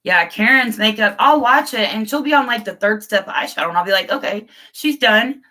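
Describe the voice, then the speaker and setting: A woman's voice: medium pitch, lively intonation, brisk, sharp tone. A woman chatting casually on a live stream, rambling and laughing, greeting viewers by name.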